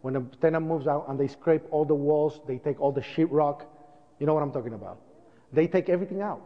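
A man giving a public talk, telling his story in an animated way and acting out sounds and voices. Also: a little high, a little fast. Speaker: speaker recounting events. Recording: dull lo-fi sound, long hall reverb.

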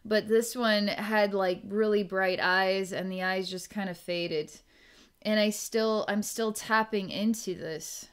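A woman psychic giving an energy reading, musing aloud in a halting way and restarting her sentences as she goes. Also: mid-range voice, steady tone, smooth. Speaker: psychic reader.

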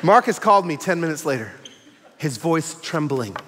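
Lively, high-voiced male preacher. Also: normal speed, in a large hall. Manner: animated storytelling with acted quotes. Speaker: guest preacher. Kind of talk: sermon. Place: large church sanctuary.

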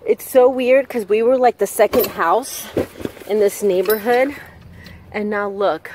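A young woman chatting excitedly in a casual vlog, telling stories as she moves around her home and yard. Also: medium pitch, unhurried, noisy background. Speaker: vlogger and makeup artist.

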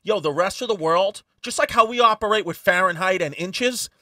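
A man's voice: high-pitched, moderate pace, dry recording, studio quality. A man with a New York accent co-hosting a comedy history podcast, brash and profane as he tells stories. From Bay Ridge, Brooklyn, New York. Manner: brash, profane, animated storytelling. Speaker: podcast co-host. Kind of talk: casual comedic history chat.

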